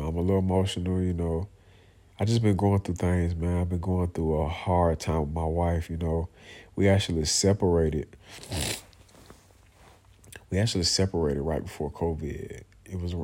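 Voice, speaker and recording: A man speaking to his viewers in an emotional, heartfelt monologue, earnest and halting, often repeating himself and filling pauses with "you know" and "man". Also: low-pitched, fairly even intonation, mellow. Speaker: vlogger, father speaking to viewers.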